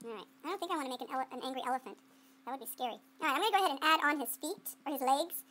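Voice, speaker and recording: A woman's voice: sits high, rapid-fire, sharp tone. A woman art teacher giving a playful running commentary while she demonstrates clay sculpting to students.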